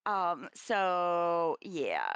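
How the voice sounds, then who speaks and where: A woman's voice: on the low side, sing-song, extremely slow, a bit bright, clear, resonant tone, no room sound. Woman podcast host, dry mic. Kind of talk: casual chat.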